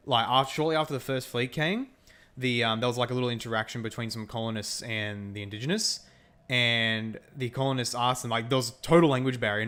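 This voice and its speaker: A man's voice: mid-range voice, fairly bright tone. A young Australian man chatting casually while streaming a strategy game, laughing often and answering his chat. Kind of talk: casual gameplay commentary with chat.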